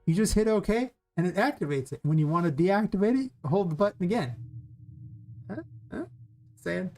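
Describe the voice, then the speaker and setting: A man from California with a Californian accent, chatting casually and rambling quickly while streaming game development. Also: high voice, animated, darkish tone, soft background music. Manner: fast, rambling talker.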